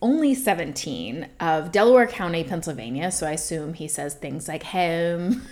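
A woman co-hosting a casual podcast, retelling a news story in an animated way and laughing between sentences. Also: lowish voice, normal speed. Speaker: podcast co-host.

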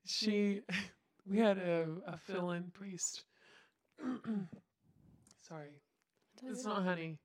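A woman's voice: mid-range voice, extremely slow, long pauses, no echo. Chatty woman, dry close sound. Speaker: podcast co-host. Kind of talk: casual chat.

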